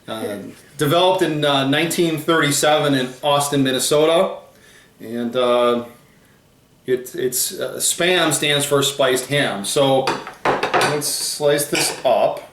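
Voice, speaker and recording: A man hosting a food tasting video, chatting casually while he explains facts read off the packaging. His voice sits at an ordinary middle pitch. The room around him is echoey. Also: slow pace, a bit bright, slight background noise. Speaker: host of a food challenge channel. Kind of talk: casual chat.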